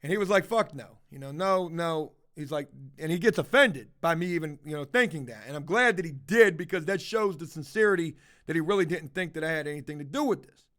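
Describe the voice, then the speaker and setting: A man's voice: on the high side, expressive, fairly quick, a bit bright. A man telling a personal story to his viewers in a casual, profane, conversational way, acting out the dialogue. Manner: profane, conversational, retells dialogue with many fillers.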